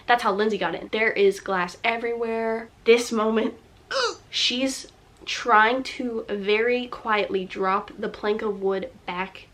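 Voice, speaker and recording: A woman's voice: fairly high pitch, a bit bright. A young adult woman vlogger giving a casual, emotive movie review full of filler words.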